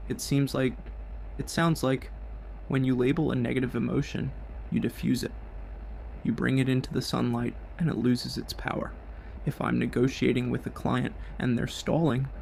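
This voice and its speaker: Gravelly, blunt male host. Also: medium pitch, flat delivery, normal speed, a little hiss or hum. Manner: blunt, punchy short sentences. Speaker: show host. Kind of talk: scripted business monologue.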